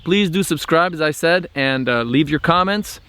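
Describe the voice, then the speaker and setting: A man hosting a spiritual vlog, talking thoughtfully with frequent pauses and restarts. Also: fairly high pitch, expressive, bright, forceful tone, slight background noise. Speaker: channel host. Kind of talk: reflective spiritual vlog monologue.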